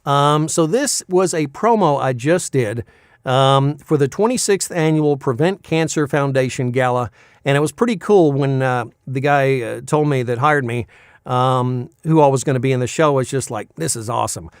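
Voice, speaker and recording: A man's voice: mid-range voice, normal speed, smooth, no room sound, clean studio sound. A male voice actor chatting casually in a vlog, rambling and self-deprecating as he tells stories from his work.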